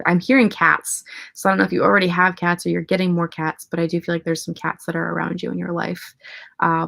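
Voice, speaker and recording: A woman hosting a live psychic Q&A, consoling viewers in a soft, gentle way with many fillers, audibly emotional. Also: fairly low pitch, creaky, dry recording, clean studio sound. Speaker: psychic advice host. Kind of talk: live Q&A on love and the afterlife.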